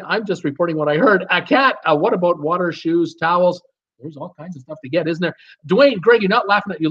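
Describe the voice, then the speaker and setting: A man's voice: high-pitched, highs cut off. A man hosts a live cruise Q and A stream, chatting casually and reading out viewer names and comments with many "uh" fillers.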